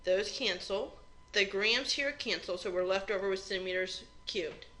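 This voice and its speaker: Her voice is mid-range, pushed and bright, moving at a moderate pace over a rough recording. She's a chemistry teacher delivering a recorded exam review lecture, stepping through it plainly and conversationally.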